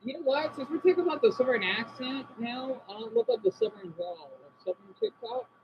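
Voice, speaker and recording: A man's voice: very high-pitched, sing-song, a little fast, gravelly. An American man on a casual live stream, rambling in a scattered way as he reacts to his chat aloud. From United States. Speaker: livestreamer. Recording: dull lo-fi with faint hum.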